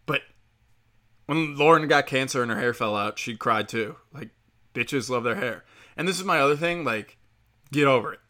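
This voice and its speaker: A man's voice: medium pitch, normal speed, pauses often, sharp tone. A man delivering a heated, profane opinion rant, rambling with fillers as he talks.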